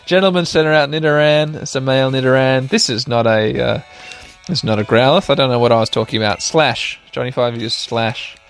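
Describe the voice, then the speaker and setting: A man's voice: medium pitch, fairly quick, faint music behind. A man hosting a podcast while playing a video game, chatty and self-mocking, talking straight to his listeners and laughing often. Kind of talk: casual let's-play commentary.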